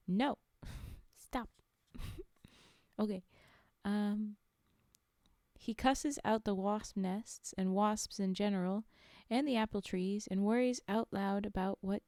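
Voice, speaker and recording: A woman's voice: mid-range voice, creaky, mellow, dry recording, studio quality. A woman streamer reading a story aloud, breaking off for chatty, laughing asides to her chat.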